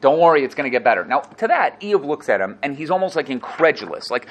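A man teaching a class on a scripture text. He reads Hebrew verses aloud and then explains each one in quick, lively English. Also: on the high side. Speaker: Torah teacher. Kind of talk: animated text-study class.

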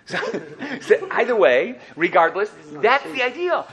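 This man's husky voice sits high, and the recording cuts off the highs. At a moderate pace he teaches a Torah class, telling lively stories, acting out the voices and joking with listeners.

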